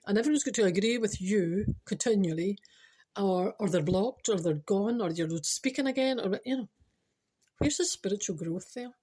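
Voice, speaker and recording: Scottish woman, podcast host, casual comic monologue, mellow tone, teasing asides. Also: medium pitch. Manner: chatty, animated, teasing asides.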